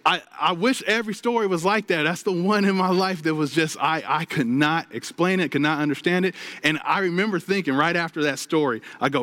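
A man's voice: on the high side, brisk, hardly any pauses, fairly bright tone. A man preaching from a stage, telling a personal testimony with earnest storytelling and addressing the crowd directly. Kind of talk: sermon testimony.

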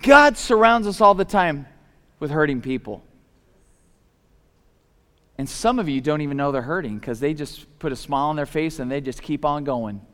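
A man delivers a loose, lively sermon full of conversational fillers, jumping between loud, forceful shouts and quiet, low asides. His voice is smooth, and the recording carries a long hall reverb.

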